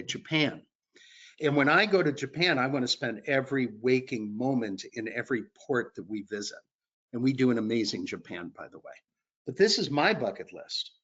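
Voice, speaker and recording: A man's voice: fairly bright tone, muffled recording. A man training travel advisors in an upbeat, conversational way, stressing points with lifts in his voice. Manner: upbeat, conversational, emphatic pitch. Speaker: cruise line sales trainer.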